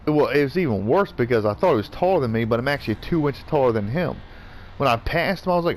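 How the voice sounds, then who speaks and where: Man, profane, ranting, repetitive, mid-pitched voice, faint noise. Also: animated, fast. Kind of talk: casual gaming rant.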